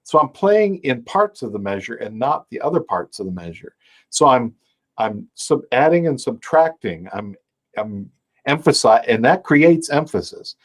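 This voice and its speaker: A man's voice: mid-range voice, sing-song, normal speed. A man teaching a live online music lesson on timing. He explains things patiently, counts beats aloud, scats rhythms and sings short bits of a folk song while he plays. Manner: explains timing with counting, scatting and sung demonstrations over his own playing. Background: his own dulcimer playing.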